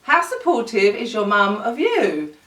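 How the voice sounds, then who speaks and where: A woman's voice: a little high, wildly swooping pitch, a little slow, a bit bright. A middle-aged woman, chatting casually and self-mockingly with her daughter at home. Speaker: vlogger's mother, guest. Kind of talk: casual chat. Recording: roomy sound, mic at a distance.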